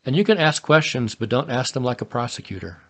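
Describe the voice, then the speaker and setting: A man's voice: mid-range voice, very animated, fast. Laid-back married man co-hosting. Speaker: co-host. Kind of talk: casual relationship advice chat.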